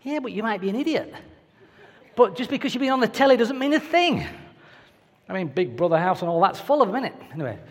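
Animated preacher in a reverberant hall. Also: male voice, high voice, quick pace. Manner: conversational, anecdotal, playful asides. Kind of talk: sermon.

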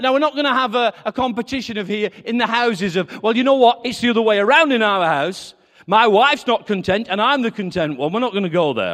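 A man preaching a sermon with a high, lively voice that leaps up and down as he acts out little dialogues. His talk is chatty and personal, and the sound rings with the long reverb of a big hall. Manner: lively, conversational, acts out quotes.

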